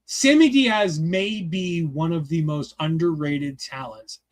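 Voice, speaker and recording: A man with a noticeably high-pitched voice talks in an excited, rambling way. He swears freely and leans on fillers as he chats casually through a review. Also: takes it slowly. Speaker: podcast co-host reviewing a wrestling show.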